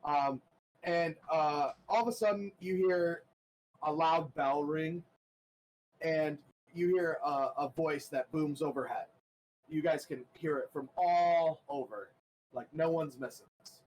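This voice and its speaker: Slow, halting male game master. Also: a little high, a little mellow, a little hiss or hum, rough recording. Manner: halting, full of ums and restarts. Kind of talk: narrating a tabletop game.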